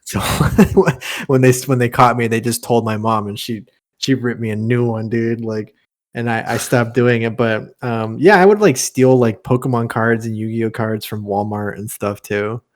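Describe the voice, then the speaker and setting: A man's voice: medium pitch, moderate pace. Young man, podcast co-host, casual chat, filler-heavy, giggly, medium voice. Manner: laughs often, heavy filler words.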